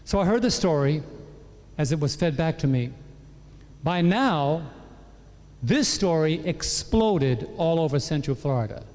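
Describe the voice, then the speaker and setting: A pastor with a fairly high, unhurried voice and frequent pauses gives a sermon-style personal testimony in a large, echoey hall. His slightly raised voice rings with a long echo as he tells the story with lots of animation, acting out the lines of his relatives.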